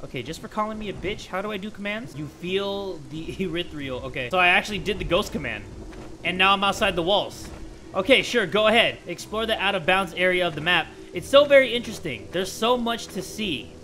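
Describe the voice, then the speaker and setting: A young man hosting video game commentary, excitable and joking, with loud outbursts. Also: high voice, slight background noise. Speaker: gaming channel host.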